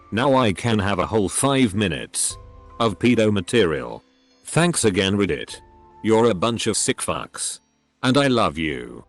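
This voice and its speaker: Low-voiced man reading forum posts. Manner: reads punctuation marks aloud. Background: faint background music.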